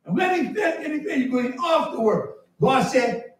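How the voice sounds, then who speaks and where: A man preaching a sermon as pastor, animated and storytelling, sometimes shouting. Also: very high-pitched, moderate pace. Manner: animated, shouting at times, storytelling with acted dialogue. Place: church. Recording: echoey church hall, mic at a distance. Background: congregation answering.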